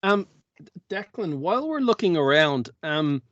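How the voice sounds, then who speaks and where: A man's voice: on the high side, sing-song, unhurried, fairly bright tone, dry recording, highs cut off. A man playing in a tabletop game, chatting casually and cracking jokes. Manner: jokey, rambling with fillers. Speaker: player.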